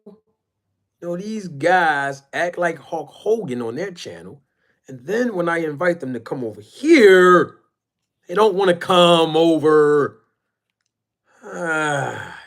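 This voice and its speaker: A man hosting a casual boxing live stream, rambling and emphatic as he shouts out chat viewers by name. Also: a little high, gravelly. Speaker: boxing YouTube channel host.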